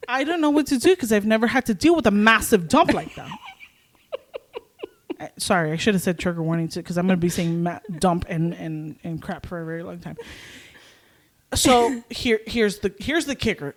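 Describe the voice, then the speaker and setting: A woman's voice: medium pitch, moderate pace. Young woman on a podcast, chatty storytelling, voice jumps way up when she acts out screaming. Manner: animated, acts out panicked shouts. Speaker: podcast co-host. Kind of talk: casual storytelling chat.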